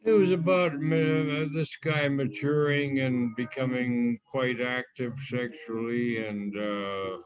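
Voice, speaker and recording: An older man being interviewed, reminiscing in a halting way with many fillers and restarts. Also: medium pitch, steady tone, phone-quality sound, music in the background. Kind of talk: casual reminiscing chat. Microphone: video call.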